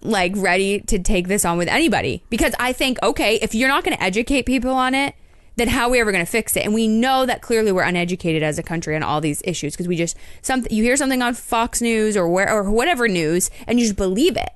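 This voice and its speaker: This woman, a podcast co-host, speaks at a quick pace with medium pitch, telling a story in a casual chat. Animated throughout, she acts out whoever she quotes, in a dry recording.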